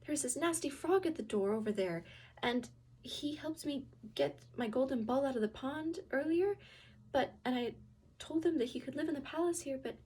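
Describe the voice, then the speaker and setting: A woman's voice: high-pitched, lively intonation, moderate pace, a little mellow, pitched above the performer's own voice. Woman playing a spoiled young princess. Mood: flustered.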